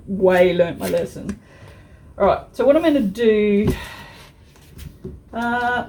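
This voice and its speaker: A woman's voice: mid-range voice, expressive, very slow, long pauses, background noise. A woman vlogger chatting frankly while she works on a craft project, with mild swearing and many restarts. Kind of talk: casual chat while crafting.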